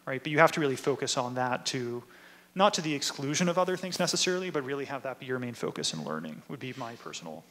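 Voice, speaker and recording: A man's voice: medium pitch, sing-song, quick pace, a bit bright. A man, a linguist presenter, answering audience questions at a talk in a casual way, often saying "like" and "right?". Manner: casual, many "like" and "right?" tags.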